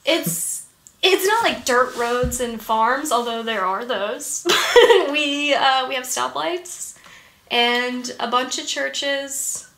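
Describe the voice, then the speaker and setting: A woman's voice: high-pitched, animated, slow pace, fairly bright tone. A young woman from Georgia, a guest actress chatting in an interview, giggly and poking fun at herself. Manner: giggly, self-mocking storyteller. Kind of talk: casual interview chat. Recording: roomy, echoey room.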